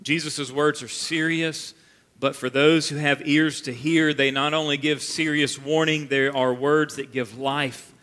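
A man preaching a sermon as pastor, earnest and measured, repeating key phrases for emphasis. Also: on the high side, fairly even intonation, a bit bright. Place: church sanctuary. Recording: long reverb of a church hall.

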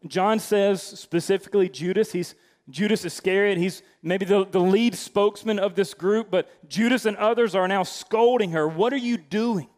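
A man with a fairly high voice delivers a sermon in a loose, conversational way, often restarting his phrases. He sounds like a pastor speaking from the front of a church. A long reverb tail hangs behind his voice. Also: normal speed, darkish tone. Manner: conversational preaching with frequent restarts.

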